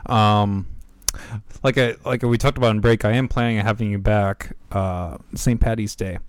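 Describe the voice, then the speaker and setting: Low-voiced man hosting a casual podcast. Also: steady tone, moderate pace, a little hiss or hum. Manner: easygoing, casual swearing. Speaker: podcast host.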